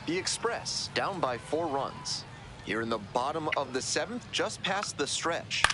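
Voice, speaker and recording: Animated baseball announcer in loud ballpark. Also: male voice, fairly high pitch, a little slow. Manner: smooth, polished broadcast delivery. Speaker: play-by-play announcer. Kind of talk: baseball commentary. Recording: game audio under loud ballpark noise.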